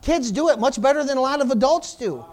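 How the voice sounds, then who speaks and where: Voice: high-pitched, animated, brisk, a little mellow. A pastor preaching a sermon to a congregation in church, often restarting phrases and calling out "amen?" and "praise the Lord".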